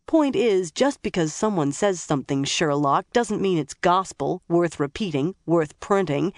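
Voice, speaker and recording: A woman's voice: lowish voice, lively intonation, unhurried, dry recording, studio quality. An audiobook narrator voicing a tough, profane female police deputy with a blunt, sarcastic manner. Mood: ranting sarcastic. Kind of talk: audiobook character voice.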